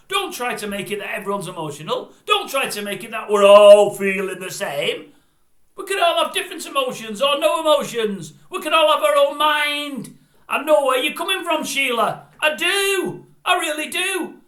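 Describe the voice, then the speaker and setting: A man's voice: very high voice, bright, forceful tone. An older man delivering a blunt, grumbling, rambling opinion monologue to camera. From Britain. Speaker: vlogger. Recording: roomy echo.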